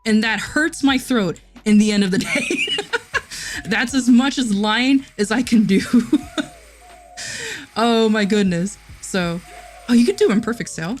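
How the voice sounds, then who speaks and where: A woman's voice: fairly high pitch, animated, measured pace, long pauses. A woman livestreamer chatting casually with her chat, giggling often and restarting her sentences.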